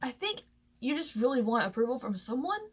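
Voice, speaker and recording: A young woman from the American South talks to camera about her past, her voice sitting a little high. She stays close to tears throughout, halting and restarting with plenty of fillers. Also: big pitch swings, slightly rough. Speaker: vlogger. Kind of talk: personal storytelling to camera.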